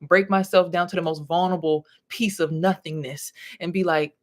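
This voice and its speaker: A woman's fairly low, steady voice moves at a moderate pace as she talks bluntly to camera, telling stories full of profanity. She's a vlogger and spiritual reader, and this is a casual monologue.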